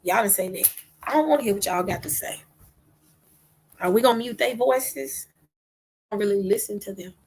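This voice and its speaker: An online talk host, a woman with a husky, breathy, mid-range voice, delivers fervent religious commentary at a moderate pace. She preaches through rhetorical questions, swinging from hushed whispers to loud outbursts with long pauses in between. The audio quality is poor.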